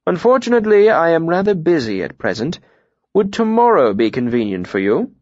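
A man reading an audiobook, voicing a shrewd, imperious nobleman with a measured, courtly, commanding manner. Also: a little high, very animated, no echo, lo-fi sound, voice pushed up.

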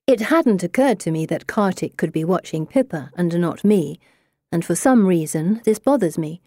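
A woman reading a novel aloud in the first person, measured and expressive. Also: fairly low pitch, no room sound, clean studio sound. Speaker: audiobook narrator.

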